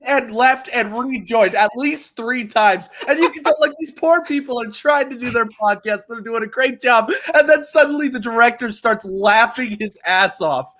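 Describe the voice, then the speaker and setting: A man co-hosting a casual podcast, telling stories in an excitable, animated way. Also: extremely high pitch, moderate pace, few pauses. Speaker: podcast co-host.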